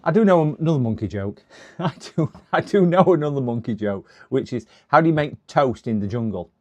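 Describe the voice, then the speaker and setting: A man's voice: mid-range voice, expressive, brisk, dull audio. A man chatting casually on a live repair stream, rambling and laughing at his own puns.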